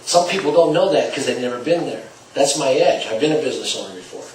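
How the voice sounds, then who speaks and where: Man, sales trainer, storytelling lecture, mid-pitched, roomy distant sound. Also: lively intonation, quick pace, a little hiss or hum. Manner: acts out dialogue with shifting volume. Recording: roomy, distant mic, faint ambience.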